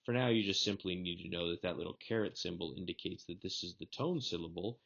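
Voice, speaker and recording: Deep gravelly guy lecturing slowly thru grammar rules, kinda dull lo-fi sound. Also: fairly bright tone. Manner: methodical, explanatory teaching. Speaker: Hebrew instructor. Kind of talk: recorded lecture.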